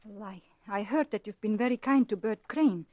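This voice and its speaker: An actress playing a subdued, anxious dance teacher who is suspected of murder, in a 1940s radio drama. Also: female voice, mid-range voice, moderate pace, darkish tone, dry recording, close to an everyday voice. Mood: pleading.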